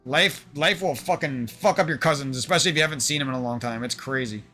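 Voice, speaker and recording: A man's voice: medium pitch, quick pace, pushed and bright, soft background music. A young man streaming, venting in a rambling, aggrieved monologue full of swearing.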